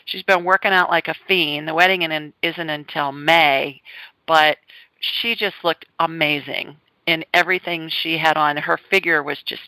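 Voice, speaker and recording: A woman's voice: deep voice, steady tone, normal speed, pushed and bright, dry recording, poor audio. A middle-aged woman, hosting a podcast in a chatty, upbeat way. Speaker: host. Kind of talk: casual chat.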